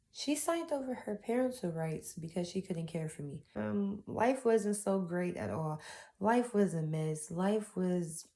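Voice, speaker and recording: A young woman with a fairly low, mellow voice gives a raw, heartfelt account of her own painful experiences. It's an emotional personal testimony delivered in casual, Southern-style grammar.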